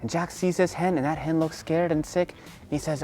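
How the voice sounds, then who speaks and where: A woman leading a children's yoga lesson through a story, animated and playful, gasping with excitement. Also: low-pitched, a little fast. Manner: animated, playful, lots of gasps. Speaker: kids' yoga teacher.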